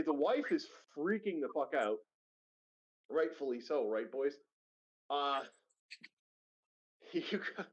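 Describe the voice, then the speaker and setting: A man on a livestream, casually retelling a wild story with profanity, rambling asides and laughter. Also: fairly high pitch. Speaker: streamer co-host. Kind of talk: casual stream chat retelling a news story. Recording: lo-fi muffled stream audio.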